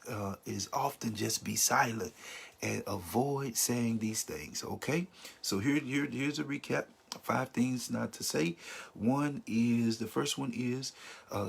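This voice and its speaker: A man hosting a casual talk on grief, speaking with many pauses, fillers and repeated phrases. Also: fairly low pitch, gravelly, slightly rough. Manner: repetitive, pausing, many fillers. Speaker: host giving grief advice. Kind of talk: casual spoken advice video. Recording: live stream with connection issues.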